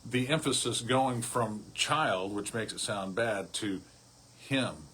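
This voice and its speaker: A man giving a relaxed devotional as a pastor, speaking conversationally and often restarting or repeating his words. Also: lowish voice, slow pace, husky. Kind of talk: casual devotional sermon.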